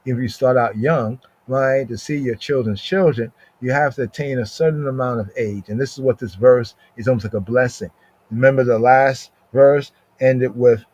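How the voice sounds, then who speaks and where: A man teaching scripture in a slow, deliberate way, repeating phrases and often asking "right?". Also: medium pitch, darkish tone. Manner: repetitive, drawn-out recitation with frequent "right?". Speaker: podcast teacher. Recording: slightly dull lo-fi audio.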